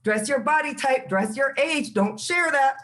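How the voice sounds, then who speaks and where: A woman's voice: sits high, measured pace, fairly bright tone. A woman performing her spoken word poem at an open mic, in a rhythmic delivery of short phrases.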